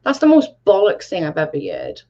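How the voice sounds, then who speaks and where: A woman's voice: lowish voice, wildly swooping pitch, fairly quick, warm tone. A woman hosting a casual livestream and reading chat. She talks bluntly, swears freely and says "like" a lot. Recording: dull lo-fi sound.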